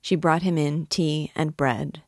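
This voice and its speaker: Brief: woman reader for a novel reading lesson, low and measured, dry close mic. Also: steady tone, no echo. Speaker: literature teacher reading aloud. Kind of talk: novel read aloud.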